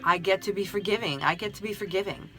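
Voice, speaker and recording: A woman voicing an innocent, childlike little soul who asks excited, pleading questions in a storybook reading. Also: medium pitch, fast talker, soft background music, pitched above the performer's own voice. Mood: eager.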